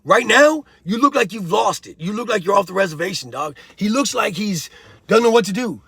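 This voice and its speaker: A man with a high, gravelly voice, husky at the edges, delivering blunt streetwise commentary. He lectures the viewer like a friend, with lots of "bro" and "homie". The sound is close and dry. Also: animated, fairly quick, sharp tone, no room sound. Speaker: host of a prison-life commentary channel. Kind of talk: casual commentary vlog.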